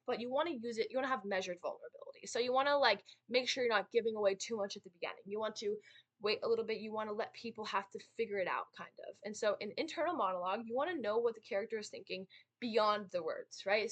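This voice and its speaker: A young woman explains performance technique in a casual lesson. She talks fast and chattily, with plenty of fillers and tag questions. Her voice is bright and forward. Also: a little high. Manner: chatty, many fillers and "right?" tags. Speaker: speech and debate student teaching.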